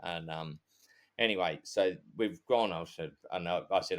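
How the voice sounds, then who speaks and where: Deep-voiced Australian man telling a story. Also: normal speed. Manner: swearing, rambling anecdote with quoted dialogue. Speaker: podcast co-host, police officer. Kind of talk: casual storytelling.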